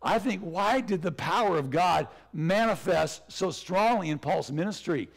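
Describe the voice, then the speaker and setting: Hoarse-voiced man preaching earnestly. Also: high-pitched, lively intonation, a little slow. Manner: earnest, repetitive preaching with self-deprecating laughs. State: voice cracking and hoarse. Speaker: pastor. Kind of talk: sermon.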